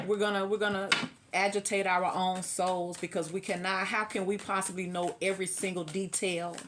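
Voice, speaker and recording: A woman's voice: medium pitch, a little hiss or hum. A woman giving a casual tarot reading, chatty and preachy, laughing often. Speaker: tarot reader.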